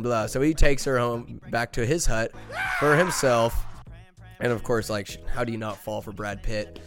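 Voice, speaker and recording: A man's voice: medium pitch, steady tone, normal speed, over music. A man hosting a podcast, animatedly retelling a movie plot in a rambling way full of fillers and asides. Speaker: podcast host. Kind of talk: comedic movie recap.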